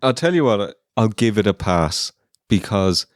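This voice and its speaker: An Irish man with a lowish voice gives blunt, sardonic takes on a comedy review podcast. The sound is close and dry. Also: very animated, measured pace, no echo. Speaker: podcast co-host.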